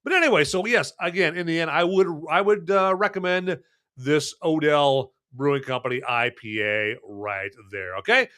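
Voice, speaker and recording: A podcast host rambles and jokes through a casual chat, restarting often and leaning on fillers as he makes a chummy, jokey sales pitch. His voice is bright and forceful at a normal speed.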